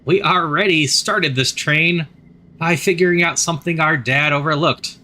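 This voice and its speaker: A man's voice: a little high, moderate pace, sharp tone. A man streaming a narrative game, reading its text aloud and adding casual, chatty commentary. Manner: casual, chatty asides between read passages.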